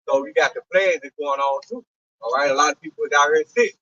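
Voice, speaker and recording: An earnest man talks through scripture casually, repeating himself as he thinks. His voice is a little high, with a lively rise and fall. The recording is muffled, with faint background noise. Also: fast talker. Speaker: co-host in a Bible discussion.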